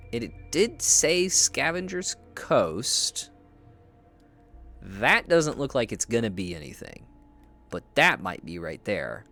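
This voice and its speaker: An American man streams a video game, thinking aloud and chatting with viewers in a rambling, self-deprecating way, frequently restarting his sentences. His voice is on the low side with a fairly bright tone.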